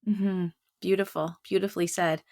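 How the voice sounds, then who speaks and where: A woman host with a fairly low voice gives her guest warm, encouraging replies. Her voice sounds dry and close, with no room echo. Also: fairly even intonation, normal speed. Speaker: podcast host. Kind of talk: interview.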